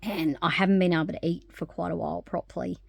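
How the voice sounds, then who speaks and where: A woman talking openly to camera in a casual vlog, animated and frank, swearing freely and laughing often. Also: fairly low pitch, quick pace, creaky, breathy edge, no room sound, studio quality. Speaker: vlogger. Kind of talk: casual personal monologue.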